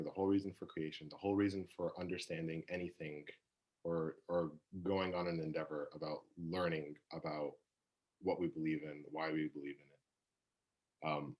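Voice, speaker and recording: Very deep, husky male teacher. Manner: halting, reflective, filler-heavy. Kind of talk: informal lecture.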